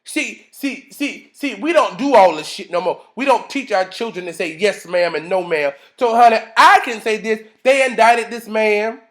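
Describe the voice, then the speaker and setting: A man in his thirties ranting casually as a vlogger, sassy and profane, acting out quotes in a high voice. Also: moderate pace, few pauses. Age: 30s.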